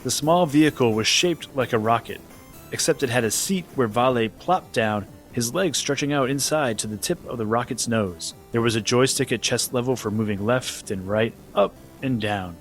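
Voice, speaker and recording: A man narrating a scripted children's story in a lively, expressive way. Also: medium pitch, moderate pace, soft background music.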